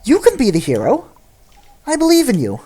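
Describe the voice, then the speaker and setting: A woman's voice: wildly swooping pitch, normal speed, husky, heavily acted. A woman voicing a cheerful, encouraging young hero in a video game, in a raised, upbeat voice. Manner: bright, upbeat, higher voice. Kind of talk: reading game dialogue aloud.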